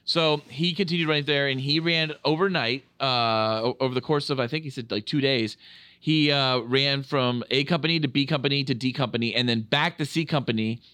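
A man hosting a casual movie review podcast, talking in an animated, jokey way with plenty of swearing. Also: mid-range voice, a little fast, no room sound. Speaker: podcast host. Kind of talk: casual film review chat.

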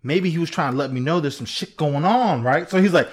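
Brisk and on the high side, this man co-hosts a podcast and spins stories in relaxed conversation. Lively in his delivery, he performs the quoted lines, curses freely, and breaks into laughter a lot.

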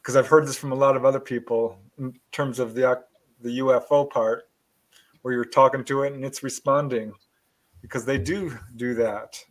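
A man's voice: mid-range voice, steady tone, moderate pace, poor audio. A man hosting an online talk show, retelling a story with enthusiasm. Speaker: host. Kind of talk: casual interview chat.

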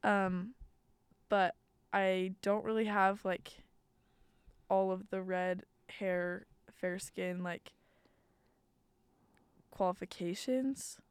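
Young woman, podcast guest, casual chat, rambling, giggly, smooth clear voice, dry close sound. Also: medium pitch, steady tone, extremely slow, pauses often, dry recording. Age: young adult. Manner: chatty, giggly, rambling with many fillers.

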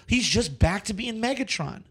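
A man co-hosting a casual movie podcast, ranting with animated exasperation and frequent swearing. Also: sits high, moderate pace, noisy background. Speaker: podcast co-host.

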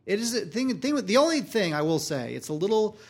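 A man's voice: sits high, big pitch swings, fairly quick, breathy edge. A man co-hosting a casual talk show, dry and teasing, hesitating with fillers. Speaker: podcast co-host. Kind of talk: casual chat.

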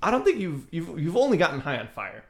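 A man's voice: fairly high pitch, sing-song, fast. A man co-hosting a casual podcast, quizzing his co-host on bands with playful, profane teasing. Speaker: podcast co-host running a band quiz.

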